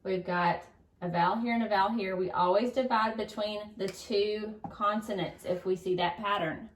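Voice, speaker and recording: A woman's voice: medium pitch, fairly even intonation, normal speed, slight background noise. A woman teaching a recorded phonics lesson to young children, upbeat and encouraging, stretching out syllables. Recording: echoey room, distant mic.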